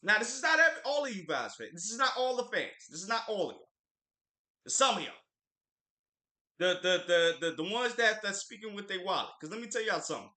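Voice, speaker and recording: A man co-hosting a casual livestream, talking about pop culture in an animated, opinionated way and repeating words for emphasis. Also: sits high, fairly quick, echoey room. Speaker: livestream co-host.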